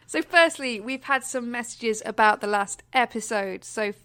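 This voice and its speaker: With no echo, a young British co-host speaks at a measured pace in a fairly bright, clear, resonant voice that sits on the high side. Her casual podcast chat turns into an exasperated rant about everyday irritations, which she follows by laughing at herself.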